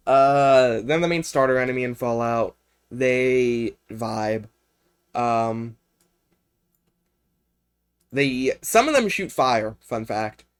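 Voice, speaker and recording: Young male streamer, mid-pitched voice, casual unscripted game rundown, rambly with lots of filler. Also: expressive, very slow, long pauses, smooth. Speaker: streamer presenting a video game. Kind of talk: casual livestream presentation.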